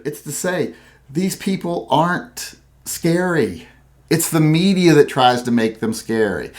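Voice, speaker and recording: Man, host, rambling folksy monologue, somewhat high voice. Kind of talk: casual commentary monologue.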